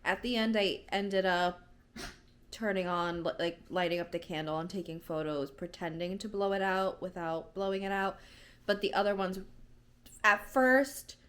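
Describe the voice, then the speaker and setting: A woman's voice: lowish voice, moderate pace, fairly bright tone. A woman in her late twenties, chatting casually in a home vlog, rambling and often correcting herself mid-sentence. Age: 20s. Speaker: vlogger.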